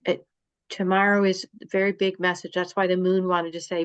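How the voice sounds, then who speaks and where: Woman astrology reader, halting rambly delivery, lo-fi dry recording. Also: fairly low pitch, little pitch movement, smooth, no echo. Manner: rambling, halting with many fillers. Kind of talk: spiritual live-stream talk. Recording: dull dry lo-fi sound.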